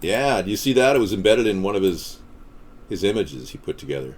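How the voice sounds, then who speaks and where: A man's voice: fairly low pitch, sing-song, a little fast, slight background noise. A man hosting a casual live stream as a political candidate, rambling off the cuff with jokes and reading viewer comments aloud.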